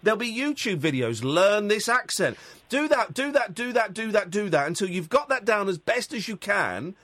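A man's voice: sits high, big pitch swings, normal speed, fairly bright tone, no room sound. A man hosting a phone-in radio show, talking emphatically and repeating his points as he urges a caller on. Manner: emphatic, repetitive, urging. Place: radio studio. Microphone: studio mic.

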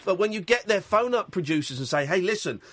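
High, lively, emphatic male radio host. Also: quick pace, no echo. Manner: emphatic, repetitive, urging. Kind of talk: phone-in talk radio. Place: radio studio. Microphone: studio mic.

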